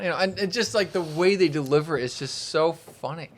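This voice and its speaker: A married man co-hosting a podcast who retells funny scenes in an animated way and imitates the voices in them. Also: fairly high pitch, brisk, few pauses. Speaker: podcast co-host. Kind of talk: casual chat.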